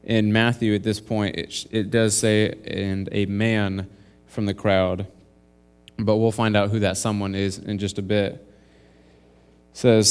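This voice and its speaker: Young man preaching in a flat, low voice. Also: unhurried, clear, resonant tone. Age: young adult. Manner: earnest, explains verses step by step. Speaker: intern preacher. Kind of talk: sermon with scripture reading. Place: church.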